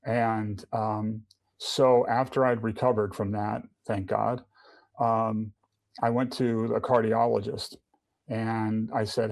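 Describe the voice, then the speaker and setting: A man's voice: fairly low pitch, level tone, takes it slowly, gravelly, a little mellow, dry recording. A middle-aged man giving a personal testimony in casual conversation, earnest, often restarting and repeating words. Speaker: podcast guest.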